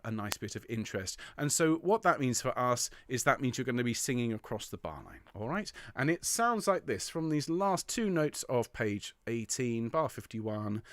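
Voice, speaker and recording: A man leading an online choir rehearsal, explaining bars, counting in, and singing the lines with encouragement. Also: mid-range voice. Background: piano.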